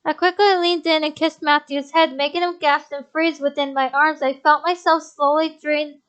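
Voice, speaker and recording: A woman's voice: sits high, flat delivery, moderate pace, fairly bright tone. A woman reading a visual novel's text aloud, stumbling over words and breaking off to comment.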